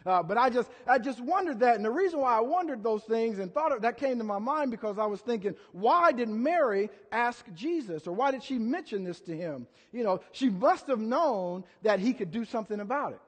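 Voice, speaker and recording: A man's voice: extremely high pitch, lively intonation, a little fast, hardly any pauses. A man preaching a sermon in a casual, chatty way, telling stories and acting out quotes with volunteers. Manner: chatty, storytelling with acted quotes and audience volunteers. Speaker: pastor. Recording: long reverb of a church hall.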